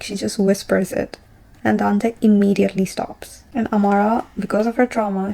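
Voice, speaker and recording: A young woman from Bangladesh excitedly recapping a romance novel, giggling and dropping into whispered asides. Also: medium pitch, creaky. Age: young adult. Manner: gushing, animated retelling with giggles and whispered asides. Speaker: book vlogger. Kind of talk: casual book recap.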